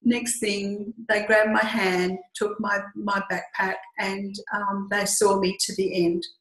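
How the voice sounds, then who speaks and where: A woman's voice: mid-range voice, little pitch movement, slow pace, fairly bright tone. A middle-aged woman from Western Australia with an Australian accent, a group tour leader earnestly telling a personal story and acting out the dialogue. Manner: earnest, reflective, acts out quoted dialogue. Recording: echoey room.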